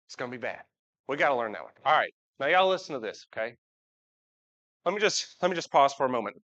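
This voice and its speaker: In a church sanctuary, a preacher speaks quickly in a sing-song, mid-range voice with a fairly bright tone, recorded with lo-fi sound. His folksy, casual sermon keeps engaging the congregation through frequent questions.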